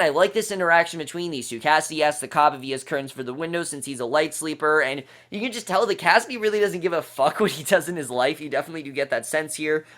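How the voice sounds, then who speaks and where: A man with a voice pitched a little above the usual walks through a TV episode scene by scene. He sounds casually enthusiastic and chatty, often stumbling over restarts and fillers as he shares his opinions. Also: fairly bright tone. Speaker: TV series reviewer. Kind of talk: casual episode recap and review.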